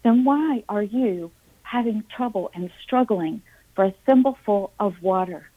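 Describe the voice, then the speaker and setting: A woman's voice: medium pitch, animated, a little slow, phone-quality sound. The ocean's voice, as a woman quotes it. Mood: questioning. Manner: questioning, patient challenge. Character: vast thunderous ocean speaking to her.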